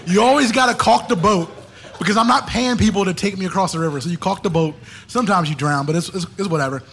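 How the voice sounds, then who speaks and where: A high-voiced man with a gravelly edge runs a casual podcast chat, upbeat and joking as he powers through hot sauce. A faint hiss of background noise sits under his voice. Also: quick pace, fairly bright tone. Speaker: podcast host.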